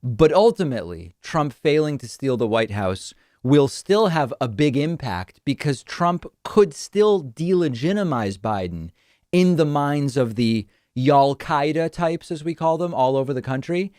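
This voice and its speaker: A man's voice: a little high, lively intonation, a little slow, a little mellow, dry recording, clean studio sound. A man hosting a political talk show, giving wry, amused solo commentary on the news.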